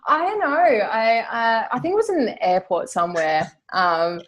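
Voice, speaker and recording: A woman's voice: on the high side, sing-song, moderate pace, a little hiss or hum. A woman with an Australian accent, a company founder chatting as a podcast guest in a friendly, laughing way. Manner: chatty, laughing, acts out quoted voices. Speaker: guest, founder of a nurse placement service. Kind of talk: casual interview chat.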